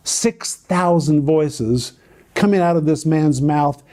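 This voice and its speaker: Emphatic male Bible teacher, mellow tone. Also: a little high, slow pace. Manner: emphatic, dramatic storytelling with repeated phrases.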